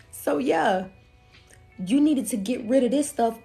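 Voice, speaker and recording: A tarot reader with a high-pitched voice chats casually with viewers during a collective reading, speaking slowly and pausing often over faint music. She's animated and slangy, acting out what the viewer might be thinking.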